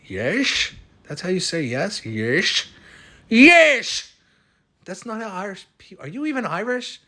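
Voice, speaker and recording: A man's voice: sits high, lively intonation, a little fast, a bit bright. A man speaking in a dry, skeptical tone, questioning the other voice in a comic sketch. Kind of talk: comic sketch over a fantasy lineup.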